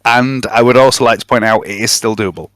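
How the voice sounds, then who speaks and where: A man's voice: mid-range voice, brisk, a bit bright, no echo. A man chatting casually as a player at a tabletop game, wry and joking. His voice sits in a middle register, recorded dry and close.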